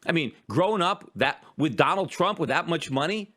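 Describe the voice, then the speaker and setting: A middle-aged man holds forth on his podcast, firing off rhetorical questions and answering them himself. His voice is bright and forward, sitting a little high for a man. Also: moderate pace. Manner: animated, argumentative, rhetorical questions. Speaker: podcast host. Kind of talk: opinion monologue.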